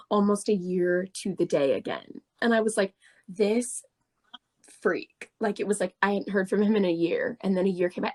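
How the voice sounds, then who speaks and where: A young woman in her twenties telling a story on a casual podcast, animated, laughing often and swearing freely. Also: mid-range voice. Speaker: podcast co-host.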